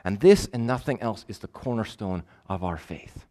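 A male preacher delivering a sermon, emphatic and measured, repeating key phrases for weight. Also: on the low side, expressive, mellow. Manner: measured, stretches words for stress.

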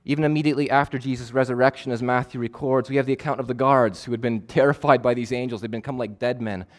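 A male preacher delivering a sermon, emphatic and measured, repeating key phrases for weight. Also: medium pitch, fairly even intonation. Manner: measured, stretches words for stress.

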